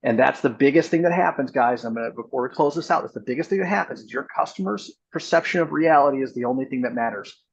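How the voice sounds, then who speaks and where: Husky-voiced male sales coach, muffled. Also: medium pitch. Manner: conversational, explains with examples. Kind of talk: coaching session.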